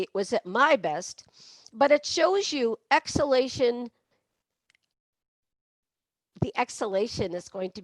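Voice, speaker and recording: A woman teaches breath support for singing, acting out the exercises as she goes. Her voice sits a little high and sounds dry and close to the mic, with no room around it. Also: dry recording. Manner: demonstrative, breaks into barks, meows and sung laughs. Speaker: vocal coach. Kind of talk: online voice lesson.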